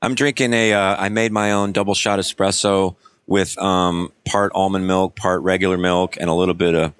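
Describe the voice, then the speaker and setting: A man's voice: sits low, moderate pace, smooth. A man hosting a casual chat, laughing often as he tells stories. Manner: laughs often, animated storyteller.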